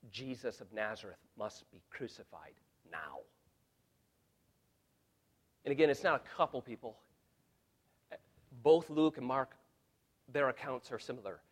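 A man preaching an expository sermon in an earnest, emphatic way, often repeating words as he restarts. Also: medium pitch. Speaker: pastor.

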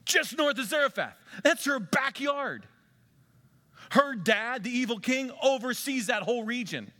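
A man preaching a sermon, animated, swinging between loud excitement and quiet intensity. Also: very high voice, measured pace. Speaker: pastor.

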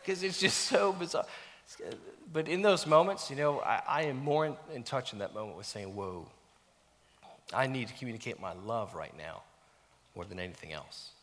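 A middle-aged man preaching a sermon as a pastor, animated and self-mocking, dropping to near-whispers at times. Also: fairly low pitch, moderate pace. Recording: long reverb of a church hall.

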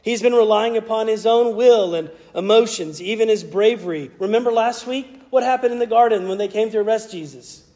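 A man's voice: high-pitched, fairly quick, hardly any pauses, darkish tone, long reverb tail. A man with a Southern US accent, preaching a sermon as a pastor in an earnest, conversational way.

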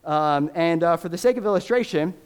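A man's voice: on the high side, lively intonation, brisk, clean tone. A man preaching a sermon in a conversational style, often checking in with "okay?" and "right?" and building to intense, rising passages. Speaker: pastor. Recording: long hall reverb.

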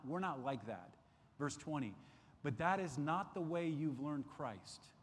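A man's voice: medium pitch, husky, in a large hall. A man teaching a Sunday school Bible lesson, earnest and repeating key phrases for emphasis. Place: church classroom.

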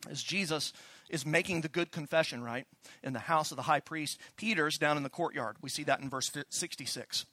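A man's voice: on the high side, brisk, pushed and bright, no room sound. A man preaching a sermon, telling the story with animation and acting out the voices he quotes. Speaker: pastor.

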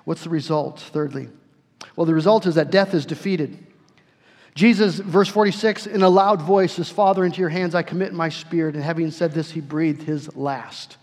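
A man preaching a sermon as pastor, earnest, slowing down and swelling his voice for emphasis, often repeating words. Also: fairly high pitch, steady tone, a little mellow. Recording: long hall reverb.

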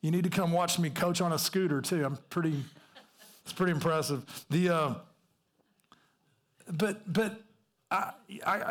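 A man's voice: on the high side, measured pace, long pauses. A middle-aged man preaching a sermon in a conversational, storytelling way, often restarting his sentences. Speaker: pastor.

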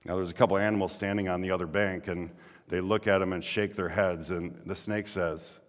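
A man's voice: deep voice, steady tone, a little fast, in a large hall. A male pastor preaching a sermon earnestly, building to emphatic exhortations.

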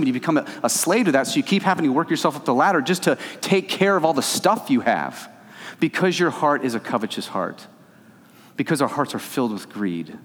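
A man's voice: mid-range voice, in a large hall. A man preaching a sermon as pastor, conversational at times and rising to fervent emphasis.

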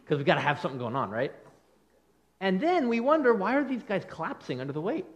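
A male pastor preaching a conversational sermon, acting out quick bits of dialogue as he goes. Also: high voice. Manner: animated, conversational preaching with quick acted-out quotes.

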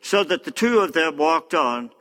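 A man's voice: a little high, lively intonation, normal speed, sharp tone. A man preaching a sermon, reading scripture aloud with frequent fillers and casual asides. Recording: long hall reverb.

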